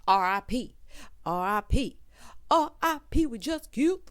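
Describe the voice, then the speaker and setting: Woman, sassy recap host, high-ish voice, very animated intonation. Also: a little slow. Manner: sassy, animated, laughs often. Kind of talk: casual review chat.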